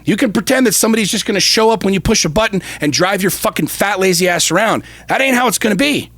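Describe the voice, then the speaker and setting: A man's voice: animated, fast, dry recording. Fiery profane man ranting on a podcast. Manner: forceful, profane, emphatic repetition; swings from shouting to low intensity. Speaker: podcast co-host. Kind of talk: heated podcast rant.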